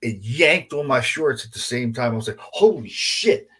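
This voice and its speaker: A man's voice: mid-range voice, fairly quick, pushed and bright, slightly rough. A man hosting a podcast in casual chat, emphatic and heavy on swearing and exclamations. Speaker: podcast host.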